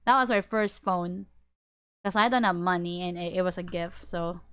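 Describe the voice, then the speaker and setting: A woman's voice: fairly low pitch, moderate pace, a bit bright, smooth, no room sound. A woman streaming casually, giggling as she reacts. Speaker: VTuber streamer.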